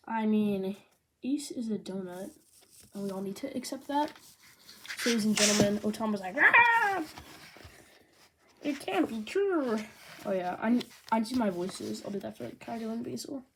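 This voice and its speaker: A woman giving a casual manga review, rambling and excitable, with lots of "like" fillers. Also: mid-range voice, a little hiss or hum.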